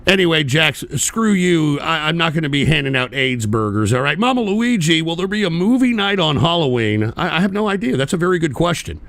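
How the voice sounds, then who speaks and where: A man hosts a live political talk stream, ranting bluntly and animatedly with heavy swearing and reading out viewer donations. His voice is on the high side, fairly quick with few pauses, and has no echo.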